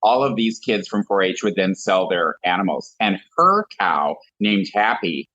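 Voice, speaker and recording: Husky, theatrical storytelling man. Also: deep voice, sing-song, measured pace, sharp tone, muffled recording. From Colorado. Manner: theatrical storyteller with comic asides. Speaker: guest. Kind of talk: casual chat.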